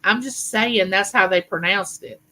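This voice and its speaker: A woman, hosting a casual live chat and rambling warmly with fillers and restarts. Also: mid-range voice, unhurried, low-quality recording. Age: 50s. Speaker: livestream host. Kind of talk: casual live chat reading viewer comments.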